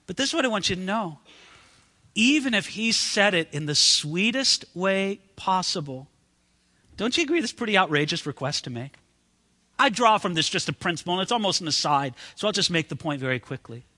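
High bright-voiced guy preaching, really animated, big echoey hall. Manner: animated, acts out quoted voices. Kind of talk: sermon.

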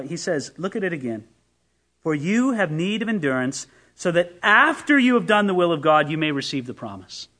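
A man's voice: sits high, a bit bright. A man preaching a sermon as pastor, asking rhetorical questions and reading scripture with emphasis.

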